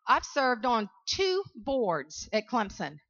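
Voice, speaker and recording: A woman from South Carolina with a Southern accent gives an animated motivational speech to students and keeps calling out to the audience. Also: on the high side, takes it slowly, lo-fi sound. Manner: animated storytelling, calls out to the audience. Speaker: motivational speaker.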